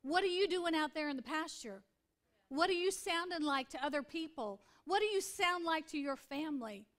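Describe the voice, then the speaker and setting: A woman's voice: sits high, animated, normal speed, fairly bright tone. A woman pastor in her forties preaching a sermon in an earnest, conversational way, repeating points for emphasis.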